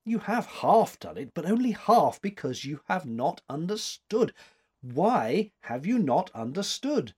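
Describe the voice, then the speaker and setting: Man doing curt elderly woman critic, storybook reading, commanding, lively rising lines, a husky edge. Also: fairly high pitch, a little slow, voice pushed up, heavily acted. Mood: brisk commanding. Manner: curt, commanding, searching questions. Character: sharp, imperious elderly woman art critic.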